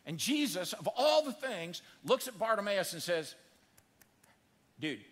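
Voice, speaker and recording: Male pastor: dramatic, animated sermon delivery, bright voice, echoing church hall. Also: normal speed. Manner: animated, acts out quotes with big pitch swings. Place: church sanctuary.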